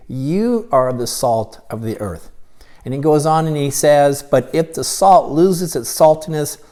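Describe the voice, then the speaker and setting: A man, a church pastor, giving a recorded video sermon in a steady teaching tone with occasional halting restarts. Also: fairly high pitch.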